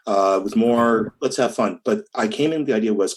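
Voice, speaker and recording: A man recounts studio mishaps in a loose, chatty interview. He talks in bursts, restarts sentences, laughs along with his own stories and hums drum patterns out loud. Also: lowish voice, moderate pace. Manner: animated, laughing, hums rhythms, many restarts. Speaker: musician guest. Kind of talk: casual storytelling interview.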